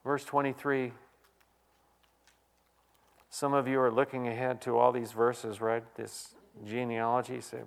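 A male pastor delivering a sermon, reading scripture aloud and moving between loud emphatic questions and hushed, quiet passages. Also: medium pitch, little pitch movement, a little slow, creaky, pauses often. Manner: dynamic preaching, swinging from loud exclamations to hushed quiet.

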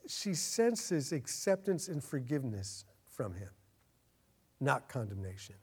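Male pastor, sermon, earnest, slows and swells for emphasis, mid-pitched voice. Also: sing-song, a little mellow, husky.

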